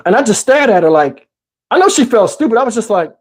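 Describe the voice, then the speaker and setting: A man in his fifties hosting a livestream, telling a story casually and profanely, animated and rambling with many restarts. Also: sits high, fast. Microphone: wearing a microphone.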